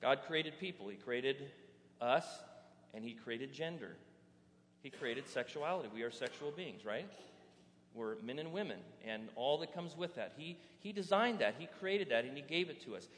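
In a reverberant hall, a male pastor preaches an animated sermon at normal speed in a medium-pitched voice, frequently posing rhetorical questions to the congregation.

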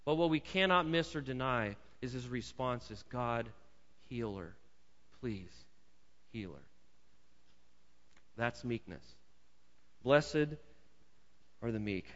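A man's voice: on the high side, a bit bright. A male pastor preaching a sermon in a conversational way, with jokey asides and words often repeated. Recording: dull sound in a long-reverb hall.

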